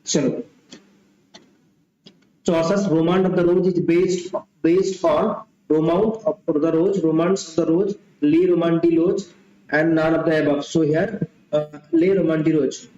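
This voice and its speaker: A man's voice: a little high, fairly even intonation, measured pace, dark tone. Man tutoring, dull roomy audio. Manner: repetitive, thinking aloud with fillers. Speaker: exam tutor. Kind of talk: mock test lecture. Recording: dull, roomy home recording.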